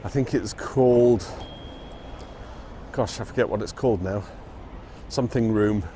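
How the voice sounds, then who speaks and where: A man's voice: on the low side, measured pace, dark tone, slight background noise. A man narrating a casual walking vlog outdoors on city streets. He talks in a chatty way and chuckles often. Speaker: vlogger touring film locations.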